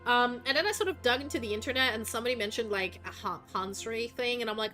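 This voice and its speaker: A woman's voice: on the high side, fast, few pauses, pushed and bright, soft background music. A woman streamer with a Russian accent, a native Russian speaker, chatting casually while she plays, rambling and swearing freely. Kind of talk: casual chat while gaming.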